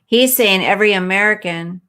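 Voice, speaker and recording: A woman's voice: medium pitch, a little fast, pushed and bright, clean tone. A woman hosting a live stream, chatting earnestly and emotionally with viewers and reading their comments.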